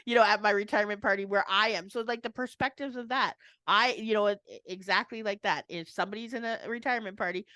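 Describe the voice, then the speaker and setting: A woman's voice: medium pitch, fairly even intonation, fast, hardly any pauses, pushed and bright, dry recording. A woman co-hosting a casual chat, rambling and laughing often as she restarts her thoughts. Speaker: co-host.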